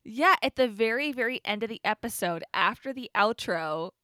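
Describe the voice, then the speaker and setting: A woman's voice: fairly high pitch, lively intonation, moderate pace, pushed and bright, no echo, studio quality. A woman from the Chicago suburbs, co-hosting a podcast and talking earnestly in a casual, filler-heavy way. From Chicago suburbs, USA. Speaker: podcast co-host. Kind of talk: casual chat.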